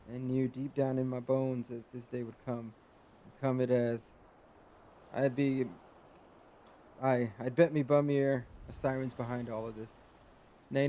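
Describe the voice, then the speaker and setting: A man voicing a grizzled, superstitious old male sailor in a video game, with a rough seafaring dialect and dramatic storytelling. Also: mid-range voice, mellow, slight background noise, lightly acted, low-quality recording.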